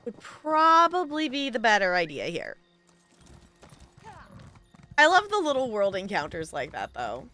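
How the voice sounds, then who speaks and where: Chatty girl gamer streaming, bright bouncy voice, talks to chat a lot. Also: a little high, huge pitch swings, measured pace, long pauses, soft background music. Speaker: game streamer. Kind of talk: live gameplay commentary.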